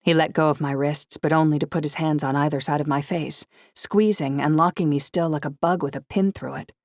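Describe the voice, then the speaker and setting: Low-voiced woman narrating an audiobook. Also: steady tone, a little fast, a little mellow, no room sound, clean studio sound. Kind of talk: first-person audiobook narration.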